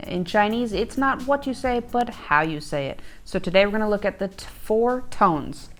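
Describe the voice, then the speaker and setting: A woman with a mid-range voice and lively intonation, speaking at normal speed, hosts a language lesson while soft music plays. A learner herself, she explains casually with fillers and refers to her notes.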